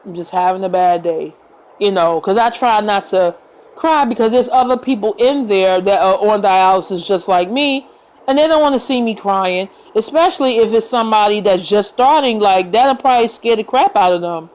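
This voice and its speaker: A woman vlogger talking to the camera in a casual, earnest and reassuring way, unhurried, with fillers and pauses. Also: mid-range voice, darkish tone, poor audio.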